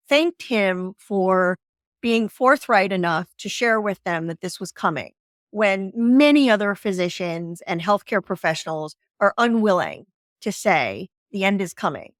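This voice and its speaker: Podcast guest: middle-aged woman, mid-range pitch, earnest and measured, dry close mic. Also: no room sound. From Northern United States. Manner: earnest, measured, pauses with fillers. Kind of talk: podcast interview, reading aloud and reflecting.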